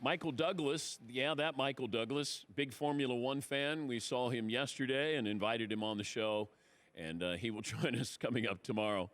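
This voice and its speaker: A male sports talk show host with a mid-range voice and a brisk, lively delivery. He rattles off plugs and introductions in a conversational radio manner. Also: medium pitch.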